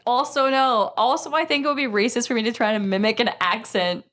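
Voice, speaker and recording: A woman co-hosting a casual podcast, laughing often and hesitant, quick to put herself down. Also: fairly high pitch, a bit bright. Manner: giggly, hesitant and self-deprecating. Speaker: podcast co-host. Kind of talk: casual chat.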